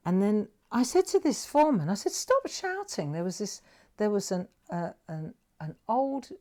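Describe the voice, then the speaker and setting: Chatty woman, lowish voice. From England. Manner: rambling, animated anecdotes with frequent "right?". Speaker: craft livestream host. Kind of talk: chatty storytelling while demonstrating a craft.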